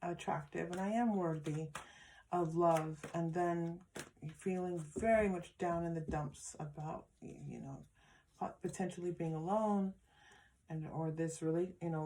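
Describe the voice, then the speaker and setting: Gentle affirming woman tarot reader. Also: lowish voice, fairly even intonation, moderate pace. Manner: gentle, affirming, speaks directly to viewers with many restarts. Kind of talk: pick-a-card tarot reading.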